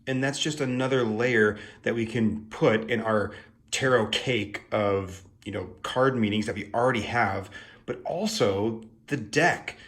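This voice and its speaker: A man with a voice of ordinary pitch talks through a tarot video in a casual, explanatory way. He sounds playful and chatty, and he often drops into asides and fillers as he thinks aloud.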